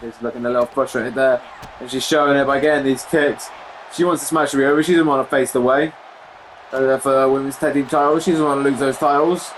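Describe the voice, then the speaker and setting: A young man commentating a wrestling video game in casual play-by-play, excitable, often saying "jeez" and correcting himself mid-sentence. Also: medium pitch, brisk, a little hiss or hum, poor audio.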